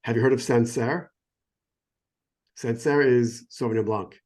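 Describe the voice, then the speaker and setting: A middle-aged American man works as a sommelier and talks in a relaxed, enthusiastic way. He rambles and keeps breaking off his own sentences. His voice sits in an ordinary middle pitch. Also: measured pace. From United States. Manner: enthusiastic, digressive, self-interrupting. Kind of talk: casual explanatory chat. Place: phone or remote call.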